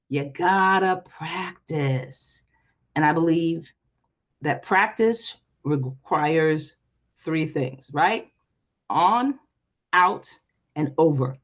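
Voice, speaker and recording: A woman coach giving an energetic live online workshop, asking the audience questions and acting out quoted speech with a lifted voice. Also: low-pitched, takes it slowly. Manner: energetic, talks straight to the audience with repeated questions. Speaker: presentation coach. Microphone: video call.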